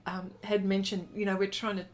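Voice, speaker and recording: A woman's voice: mid-range voice, flat delivery, fairly quick. A middle-aged woman artist hosting a livestream, reading viewers' comments aloud and chatting back with lots of fillers. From lives in Texas. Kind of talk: casual livestream chat while drawing.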